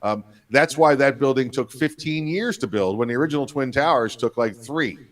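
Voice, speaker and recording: A man's voice: mid-range voice, normal speed, distant mic. A man co-hosting a casual political talk show, rambling and sarcastic as he acts out officials. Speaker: co-host.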